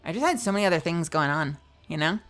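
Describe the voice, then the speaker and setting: A woman's voice: sits low, lively intonation, fast, fairly bright tone, faint music behind. A woman livestreamer chatting casually and playfully with her viewers, greeting people and joking around.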